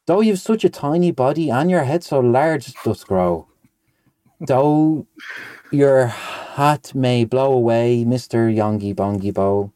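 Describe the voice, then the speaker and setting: A playful man chats with his co-host and then reads a nonsense poem with bouncy, animated rises and falls. His voice is mellow and dark in colour, recorded close and dry. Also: medium pitch, takes it slowly, no echo. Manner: lively, playful. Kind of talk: casual chat and poem reading.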